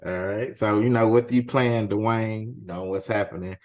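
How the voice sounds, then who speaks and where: A man hosting a casual interview, asking laid-back questions and backing the guest with quick affirmations. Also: fairly low pitch, steady tone. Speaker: interviewer host.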